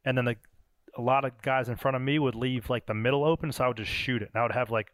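A man hosts a podcast and chats casually, spinning animated stories with the odd swear word. His voice sits at an ordinary pitch. The studio sound is dry and close. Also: fast talker, dry recording. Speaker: podcast host and race driver. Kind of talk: casual chat.

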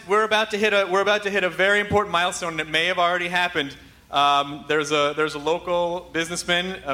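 A man's voice: high voice, bright, forceful tone. A man hosting a live podcast, joking with the audience in a hyper, jittery, swearing way. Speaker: podcast host. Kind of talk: live stand-up style banter. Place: live theater stage. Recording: live room with crowd noise.

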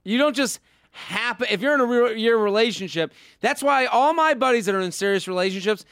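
A man hosting a podcast, chatting casually and joking with quick asides. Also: high voice, lively intonation, a bit bright, clear, resonant tone, dry recording, studio quality. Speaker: podcast host.

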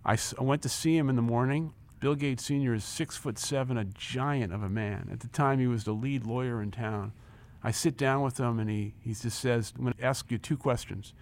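A man in his sixties, formerly a company chief, speaks a little fast at a medium pitch with hardly any pauses. As an interview guest, he tells a personal story with energy, dramatizing the dialogue and repeating words in his excitement.

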